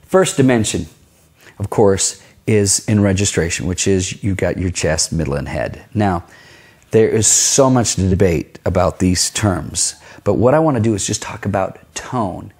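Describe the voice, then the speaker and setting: A man's voice: deep voice, animated, measured pace, a little mellow, breathy edge. A man teaching a singing lesson in a casual, conversational way, explaining vocal tone and stopping to demonstrate sounds. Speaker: vocal coach. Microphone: filmed on camera.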